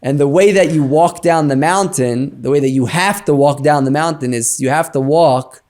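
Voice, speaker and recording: A man in an interview, telling a personal story in a chatty, animated way with many fillers like "you know". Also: on the high side, moderate pace. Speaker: interview guest.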